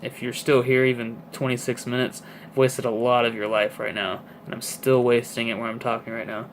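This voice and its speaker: A man's voice: mid-range voice, little pitch movement, fairly quick, a little hiss or hum. Rambling young man showing off toys. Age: 20s. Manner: rambling, filler-heavy, chatty. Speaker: toy collector vlogger. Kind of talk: casual chat.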